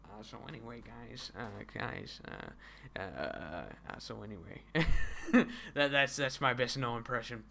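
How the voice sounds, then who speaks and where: Bright-voiced stammering male streamer. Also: medium pitch, expressive, unhurried, creaky. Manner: stammering repetitions, frequent giggles, mock-dramatic. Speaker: live streamer reading a comic. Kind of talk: casual live-stream commentary.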